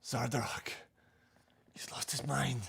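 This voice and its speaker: A man's voice: medium pitch, level tone, takes it slowly, gravelly, a bit bright, husky, exaggerated voice. A man voicing a frightened male duergar soldier who begs for mercy and offers his help. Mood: pleading. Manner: desperate, pleading.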